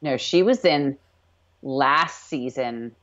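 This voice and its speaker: A woman co-hosting a show, chatting casually about an episode and laughing often, quick to agree. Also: a bass voice, fairly bright tone. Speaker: podcast co-host. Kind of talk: casual recap chat. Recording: dull, lo-fi sound.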